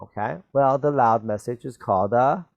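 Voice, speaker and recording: A man's voice: medium pitch, normal speed, dry recording, muffled recording. A man teaching children spelling and vocabulary, patiently encouraging them and spelling words out letter by letter.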